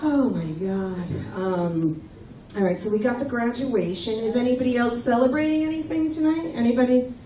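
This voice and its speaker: Woman, middle-aged, stand-up comic, brash crowd teasing, slightly high voice, echoey club recorded from afar. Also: moderate pace. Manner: brash, teasing banter with the audience. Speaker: stand-up comedian. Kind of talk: stand-up set with crowd work. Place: comedy club stage. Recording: echoey room, mic from far off, loud crowd. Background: audience laughter.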